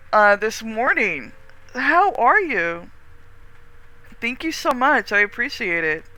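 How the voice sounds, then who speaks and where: A streamer with a Texan accent, chatting casually with viewers while gaming, rambling warmly with lots of restarts and the odd swear. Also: mid-range voice, big pitch swings, takes it slowly, slight background noise.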